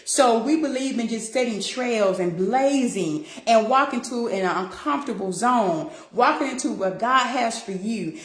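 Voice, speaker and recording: A woman's voice: fairly high pitch, reverberant. A woman, hosting her own show and talking earnestly and encouragingly to viewers, calling them y'all. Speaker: show host. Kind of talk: heartfelt direct-to-camera talk.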